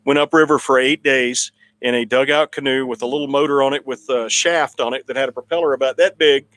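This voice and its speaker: A man in a town hall conversation telling a long personal story in a relaxed, rambling way with frequent restarts. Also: mid-range voice, fairly quick. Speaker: political candidate guest.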